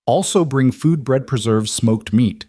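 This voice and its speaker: A brisk, stern old farm wife with a Norwegian accent, put on by a male narrator. She speaks in short, blunt broken English. The sound is dry and close. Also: mid-range voice, mellow, slightly rough, dry recording, voice pushed up. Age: older.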